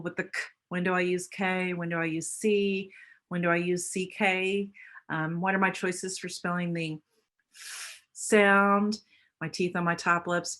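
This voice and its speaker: A woman with a slightly low voice gives an instructional talk on phonics. She explains patiently and slows down to sound out each phoneme for her listeners. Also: fairly bright tone. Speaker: literacy teacher trainer.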